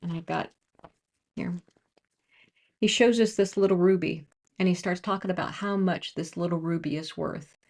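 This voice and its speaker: A woman telling a personal faith testimony to her own camera, emotional and storytelling, growing excited as she goes. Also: on the low side, moderate pace, long pauses. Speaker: Christian speaker sharing a testimony.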